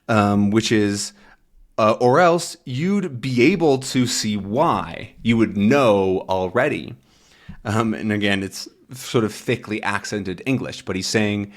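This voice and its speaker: Slow, lively English teacher, man. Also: on the low side. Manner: slow, careful explaining with frequent restarts and laughs. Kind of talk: reading and explaining a comic for learners.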